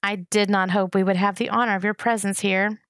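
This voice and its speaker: A woman's voice: mid-range voice, fairly even intonation, a little fast, a bit bright, dry recording, studio quality, natural voice. A woman reading aloud voices a sly, wry male rat in a storybook, mocking in tone.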